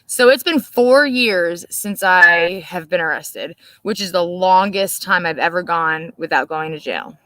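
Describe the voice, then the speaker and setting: A woman's voice: on the low side, expressive, unhurried, hardly any pauses, a bit bright, no echo. A brash woman chatting casually on a live stream, swearing freely and laughing often. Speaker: co-host.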